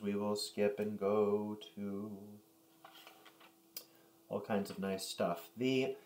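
A man with a very low voice leads a prayer service as a lay reader. He moves between reading and chanting the liturgy and giving relaxed, halting instructions, with frequent fillers and throat-clearing. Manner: unhurried, halting asides with fillers.

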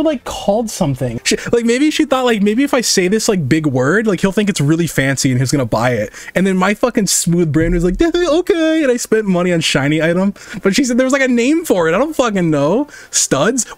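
A young man chatting on a live art stream, joking, swearing and mocking himself and his chat. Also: dry recording. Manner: mocks chat in high squeaky voices. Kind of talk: casual livestream chat. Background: faint music.

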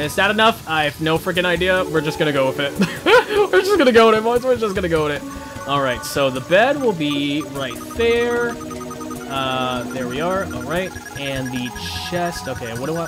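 A man hosting a gaming channel, giving casual gameplay commentary in an excitable, flustered, self-mocking way as he talks to his viewers. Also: mid-range voice, normal speed, over music.

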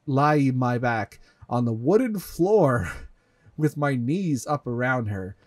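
A man with an English accent hosts a comedic reading of fan fiction, often laughing and stumbling through halting asides. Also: medium pitch, dry recording. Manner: breaks into laughter, halting asides full of fillers. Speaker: host reading a fanfic aloud. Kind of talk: comedic dramatic reading with commentary.

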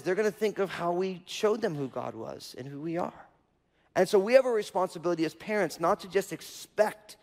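A male pastor preaching a sermon in a casual, conversational way, often checking in with the audience by asking "right?". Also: high-pitched. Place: church auditorium. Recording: long reverb of a church hall.

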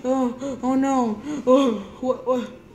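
A woman improvising a toy play story, stammering and repeating words as she jumps between excited squeals and soft, sleepy lines. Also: sits high, slow pace, echoey room, a little hiss or hum, low-quality recording.

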